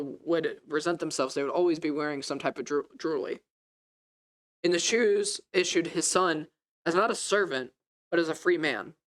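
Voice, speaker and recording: Casual young student preacher. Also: mid-range voice. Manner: casual, conversational storytelling with fillers. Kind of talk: classroom sermon.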